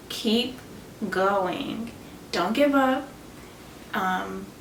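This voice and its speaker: A woman's voice: medium pitch, a bit bright. A woman talking casually to her viewers as a YouTuber, earnest and encouraging, chatty with fillers. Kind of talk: casual vlog talk. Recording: roomy, slightly distant with faint noise.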